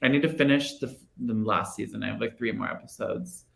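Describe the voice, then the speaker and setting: A man guest telling gossip stories in a casual chat, animated and mimicking other people mid-sentence. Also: on the low side, brisk, creaky. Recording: roomy echo.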